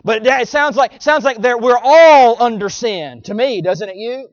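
A man's voice: very high voice, moderate pace, no room sound. A man preaching a sermon in a folksy, emphatic style, with sarcastic asides to his congregation, on a dull lo-fi recording.

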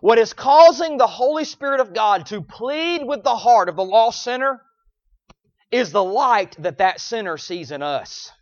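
High-voiced pleading preacher. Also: male voice, lively intonation, measured pace, no room sound, lo-fi sound. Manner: emphatic, repeats phrases, swings from loud pleading cries to low quiet lines. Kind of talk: sermon.

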